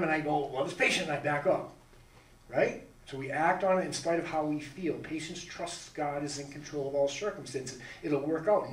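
A man's voice: on the high side, roomy sound, recorded from a distance, a little hiss or hum, low-quality recording. A man preaching a sermon as pastor, emphatic and full of rhetorical questions to the congregation. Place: church sanctuary.

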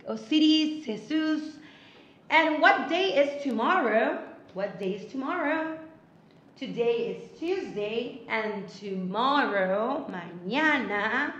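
A woman leads a live online English class for young children, speaking slowly and patiently in a high voice so the kids can repeat after her. Her audio is roomy and a little dull, the kind of lo-fi sound a livestream gives. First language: Spanish. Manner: switches between English and Spanish, drills words for repetition; sleepy but encouraging. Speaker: English teacher.

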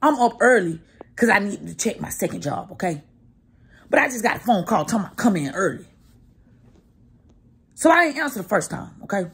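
A woman venting to her handheld phone camera, telling a story in an animated, exasperated way. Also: mid-range voice, brisk, pauses often, reverberant. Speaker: vlogger.

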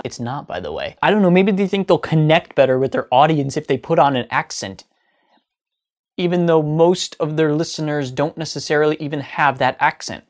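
A man's voice: a little high, a little fast. A man talking to camera in a casual comedic monologue, chatty and sarcastic. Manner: chatty, sarcastic, breaks into mocking sung parodies. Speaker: comedy vlogger.

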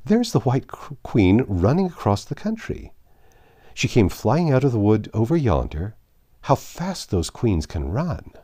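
A man's voice: medium pitch, very animated, a little slow, warm tone, no room sound, studio quality, pitched above the performer's own voice. A man reading aloud, voicing a curious, polite young girl. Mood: eager. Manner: eager, polite.

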